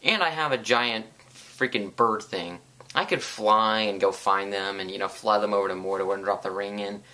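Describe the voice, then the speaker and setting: Male vlogger as smug, lazy old wizard; low, drawn-out, bright edge.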